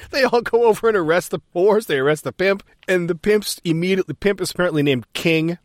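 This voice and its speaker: A man's voice: sits high, a little fast, dry recording, clean studio sound. A male podcast co-host recounting a film scene in casual chat, laughing often and swearing freely. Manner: laughing storyteller, profane.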